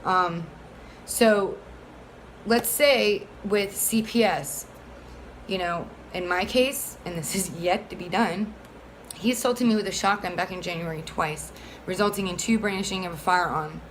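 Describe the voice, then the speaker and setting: Earnest rambling single mom. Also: female voice, fairly low pitch, unhurried, a little hiss or hum, low-quality recording. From Florida. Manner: earnest, rambling, heated, frequent fillers. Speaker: single mother advocating for a bill. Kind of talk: casual advocacy monologue.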